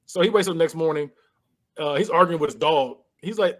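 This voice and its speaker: A man co-hosting a podcast, casually retelling a movie scene by scene and acting out the characters' lines with lively voice changes. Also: a little high, moderate pace. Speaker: podcast co-host. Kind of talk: casual movie recap chat.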